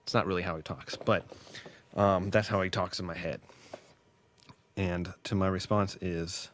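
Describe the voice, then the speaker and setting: At his workplace, a man hosts a test livestream, rambling casually, cracking jokes and losing his train of thought. His voice is deep, his tone steady, his pace unhurried.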